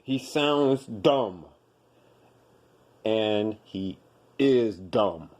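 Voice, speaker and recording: A man's voice: fairly low pitch, expressive, extremely slow, darkish tone. A man hosting a podcast, ranting in blunt, profane commentary and hammering his points with repetition. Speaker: podcast host.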